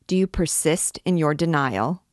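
A woman's voice: deep voice, lively intonation, a little slow, no room sound, studio quality. A woman reading a cold, solemn judge. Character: stern, cold male court president.

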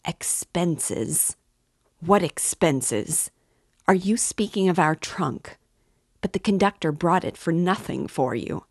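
A woman's voice: on the low side, animated, slow pace, no echo, studio quality, heavily acted. Woman reading as a furious indignant mother. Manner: sharp, rising, exclaiming.

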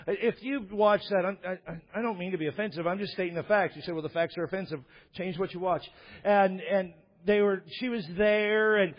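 Husky-voiced man preaching conversationally. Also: high voice. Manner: conversational storytelling, wry asides. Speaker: pastor. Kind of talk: sermon. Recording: dull echoey hall recording.

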